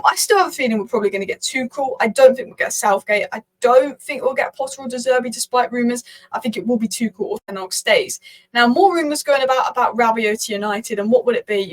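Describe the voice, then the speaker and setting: A woman hosting her own football channel, giving rapid, opinionated commentary and thinking aloud as she talks. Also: fairly high pitch, rough recording. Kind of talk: casual talking-head commentary.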